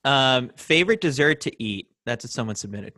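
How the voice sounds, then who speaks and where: Bright-voiced man reading questions. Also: medium pitch, animated, moderate pace, no room sound. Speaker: podcast host reading listener questions. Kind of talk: casual podcast chat.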